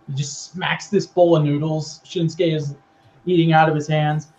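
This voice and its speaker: Man, fairly high voice, casual co-host recap, animated storytelling, slightly dull lo-fi sound. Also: normal speed. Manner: animated storytelling, acting out quotes. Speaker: podcast co-host.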